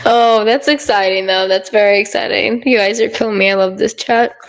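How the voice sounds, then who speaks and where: A woman's voice: medium pitch, steady tone, brisk. Giggly woman reading chat aloud. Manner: giggly, upbeat, reads comments aloud. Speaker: livestream co-host reading chat. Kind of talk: casual livestream chat.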